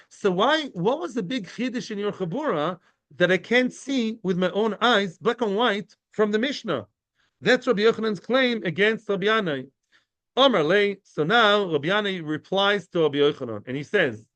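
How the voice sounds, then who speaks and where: A man giving a daily Talmud lecture, lively and explanatory, acting out the sages' debate and glossing Aramaic and Hebrew terms as he goes. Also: high voice, no echo. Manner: animated, acts out the sages' debate. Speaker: Talmud teacher.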